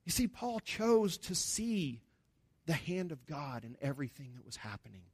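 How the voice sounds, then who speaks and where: A pastor preaching a sermon in an earnest, conversational way, with emphatic rises on key points. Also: male voice, fairly high pitch, big pitch swings, normal speed, slightly rough, no room sound.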